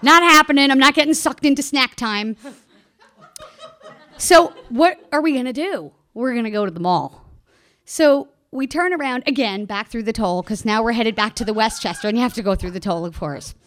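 Animated woman telling a funny story. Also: fairly high pitch, a little fast. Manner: animated, laughing, acts out quoted people. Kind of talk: personal storytelling.

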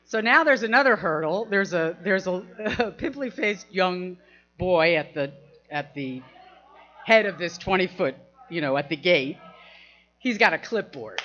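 A woman's voice: lowish voice, lively intonation, unhurried, fairly bright tone. A woman telling a personal anecdote, laughing often and acting out the people she quotes. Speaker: storyteller. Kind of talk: personal anecdote told to an audience. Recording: dull lo-fi recording.

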